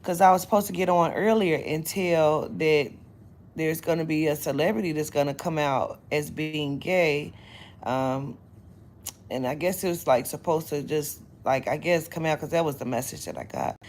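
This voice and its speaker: A woman's voice: sits low, moderate pace, slight background noise. A woman, chatting casually and profanely on a livestream from her bedroom. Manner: profane, loud, laughing storyteller. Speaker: psychic livestream host. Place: bedroom, indoors.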